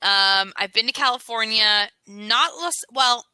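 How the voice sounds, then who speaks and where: A woman's voice: fairly high pitch, a little slow, bright, forceful tone, smooth, no room sound, poor audio. An American woman tutoring English on a video call, chatty and laughing often as she gives suggestions. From United States. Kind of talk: casual conversation lesson.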